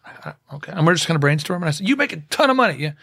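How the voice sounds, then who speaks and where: Man, high voice, studio guest, lively storyteller who does the dialogue himself. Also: rapid-fire, gravelly. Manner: animated storyteller acting out both sides of dialogues. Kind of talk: casual studio conversation.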